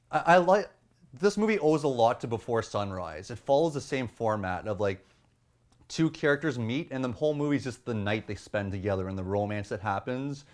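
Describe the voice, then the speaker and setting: A man co-hosting a casual movie review chat, teasing his partner and recommending films with enthusiasm. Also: on the low side.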